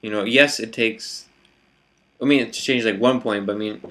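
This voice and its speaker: A man's voice: lowish voice, fairly even intonation, moderate pace, a bit bright. A man vlogging his reflections in a hesitant, casual monologue, full of fillers and restarts.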